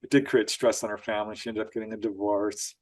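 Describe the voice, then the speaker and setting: A man guest on an interview show, telling strange stories in an animated way, laughing often and acting out quotes. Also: lowish voice, quick pace. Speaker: author guest. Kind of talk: storytelling interview.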